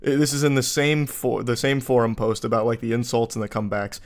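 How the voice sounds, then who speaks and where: A man's voice: medium pitch, level tone, fast talker. Incredulous man riffing sarcastically. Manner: incredulous, sarcastic, rambling with filler words. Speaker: commentary video host. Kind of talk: comedic commentary reading forum posts aloud.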